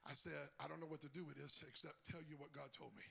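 A bishop preaching a sermon, telling a story that builds into shouted preaching. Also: male voice, steady tone, fast, gravelly, breathy edge. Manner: rises from low storytelling to shouted, high-pitched preaching.

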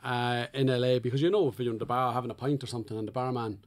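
A man with a Dundalk Irish accent speaks quickly in long run-on phrases, thoughtful rather than showy. His pitch stays in the middle range. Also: steady tone. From Dundalk, Ireland. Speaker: guest. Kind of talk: casual discussion.

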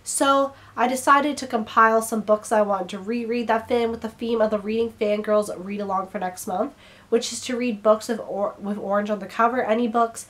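A woman's voice: fairly high pitch, a bit bright. A young woman chatting casually to camera as a book vlogger, her throat a little strained, rambling and now and then stumbling over her words.

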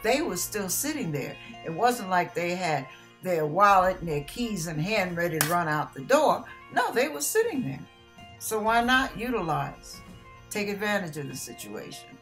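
A woman's voice: on the low side, sing-song, normal speed, fairly bright tone, faint music behind. A woman giving a sermon as a personal story, acting out the voices of the people in it. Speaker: ministry speaker.

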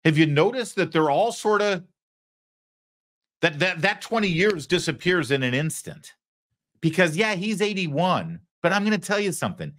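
A man's voice: high voice, big pitch swings, normal speed, a bit bright. A man hosting a political commentary show, talking in a sarcastic, indignant way. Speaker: host.

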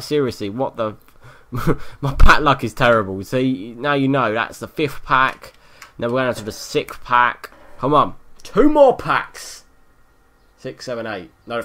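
Gamer guy, bright voice with big pitch swings, excitable and foul-mouthed while commentating his own play. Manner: excitable, swears a lot, yells at the game. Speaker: gaming YouTuber. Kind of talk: live gameplay commentary.

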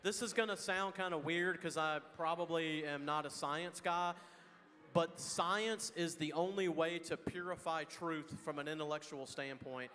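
Texan man, slightly high voice, folksy and joking, reverberant chapel hall. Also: fairly even intonation, a little slow, pushed and bright. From Texas. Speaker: guest answering student questions. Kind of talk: casual chapel Q&A.

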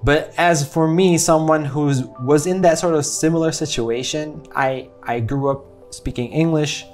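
A man's voice: fairly high pitch, fairly even intonation, unhurried, faint music behind. Chatty American man reviewing a movie. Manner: chatty, rambling, frequent self-corrections. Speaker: film reviewer. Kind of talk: casual spoken movie review.

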